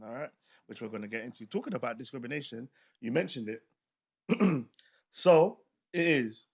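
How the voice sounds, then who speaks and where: A man's voice: mid-range voice, vocal fry. A man hosting a panel discussion, asking probing questions with frequent restarts. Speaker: host.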